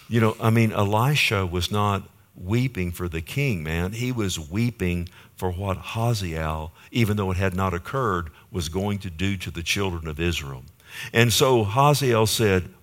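A man's voice: low voice, a little slow, a bit bright. A man preaching a sermon, reading scripture and asking the congregation questions. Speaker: pastor.

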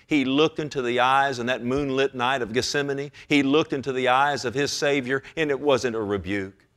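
A man's voice: mid-range voice, moderate pace. Impassioned male preacher. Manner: impassioned, swings from hushed to loud exclamation. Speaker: pastor. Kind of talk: sermon.

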